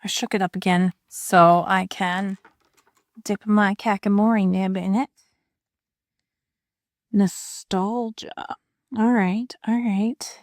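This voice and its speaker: A woman's voice: medium pitch, steady tone, slow pace, long pauses, no echo, clean studio sound. A woman chatting casually and rambling a little while she swatches inks, with self-deprecating asides. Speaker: ink and art video creator.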